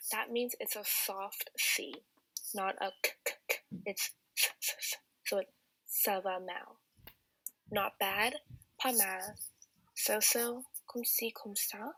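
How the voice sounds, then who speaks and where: A woman's voice: medium pitch, bright, forceful tone, breathy edge, no room sound, poor audio. A teenage girl giving a patient, step-by-step beginner language lesson as a student tutor. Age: teens. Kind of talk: slide-based language lesson.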